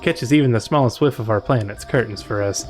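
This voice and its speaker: A stern witch giving firm orders, as a man reads her. The voice sits at a middling pitch, with faint game music behind. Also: fairly quick, lightly acted. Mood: commanding. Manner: firm, bossy.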